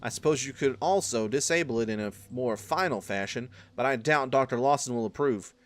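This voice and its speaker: A man's voice: mid-range voice, a little fast, lightly acted. A man voicing a wiry, courtly old male gardener with a put-on southern US accent, speaking in an old-fashioned gallant way. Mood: earnest.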